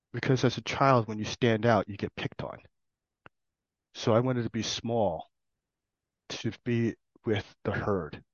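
Low-voiced man giving earnest testimony. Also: no echo. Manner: earnest, reflective, speaks in short halting phrases. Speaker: program participant sharing his story. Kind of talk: personal recovery testimony. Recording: dull, dry recording.

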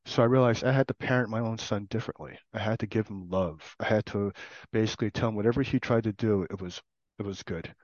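A middle-aged man sharing his personal recovery story in an earnest, reflective way, in short halting phrases. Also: fairly low pitch, a little mellow, dry recording. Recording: dull, dry recording.

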